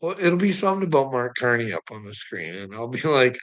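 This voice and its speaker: A man's voice: mid-range voice, sing-song, fast, fairly bright tone, low-quality recording. Swearing, laughing man ranting. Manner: swears constantly, laughs between phrases. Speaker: online commentator. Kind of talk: profane rambling rant.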